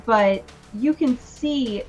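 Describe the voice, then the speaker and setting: Slow-narrating woman game master. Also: on the high side, highs cut off, faint music behind. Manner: unhurried descriptive narration with many fillers.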